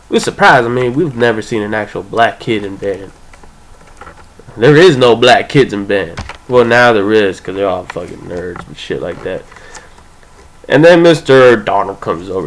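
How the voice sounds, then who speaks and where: A young man spins a casual story from his school days, his voice lively and bouncing up and down as he acts out what everyone said. He talks loosely and swears freely. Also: moderate pace, a little hiss or hum, low-quality recording. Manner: animated, profane, acts out quoted voices with big pitch jumps. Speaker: vlogger telling a personal story.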